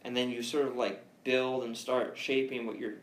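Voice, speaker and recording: A man's voice: medium pitch, flat delivery, normal speed. Hesitant male singing student. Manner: hesitant, repeats words while asking. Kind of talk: casual questions in a voice lesson. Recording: echoey room with faint noise.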